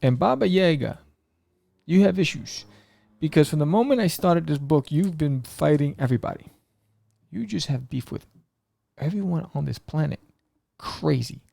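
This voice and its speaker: Guy gushing about a comic on his podcast, kinda gravelly, lots of ums, dry close sound. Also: on the high side, moderate pace, long pauses, dry recording. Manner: excitable, rambling, full of fillers and restarts. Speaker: podcast host reviewing comic books. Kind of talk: casual comic book review.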